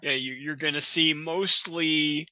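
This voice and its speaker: A man's voice: a little high, fairly even intonation, measured pace, sharp tone, no room sound, dull audio. A man co-hosting a comedy reading show, making wry, stammering remarks and mild exclamations. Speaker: podcast co-host. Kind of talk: comedic commentary.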